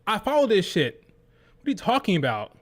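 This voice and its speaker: Male streamer, fairly high voice, fired-up, profane, exasperated rant into a desk mic. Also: huge pitch swings, brisk. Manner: heated, profane, exasperated ranting. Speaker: livestream host. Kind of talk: ranting live-stream reaction.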